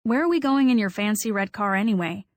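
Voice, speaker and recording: A woman's voice: mid-range voice, animated, brisk, close to an everyday voice. A woman voicing an easygoing teenage honor student in an audiobook, speaking in a casual, offhand way.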